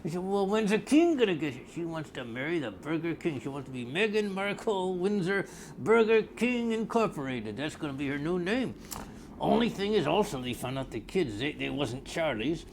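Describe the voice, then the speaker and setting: Gravelly blustery older man ranting. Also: on the high side, expressive, moderate pace, slight background noise. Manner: rambling, blustery, easily sidetracked. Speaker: comedy character newscaster. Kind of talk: improvised comedic monologue.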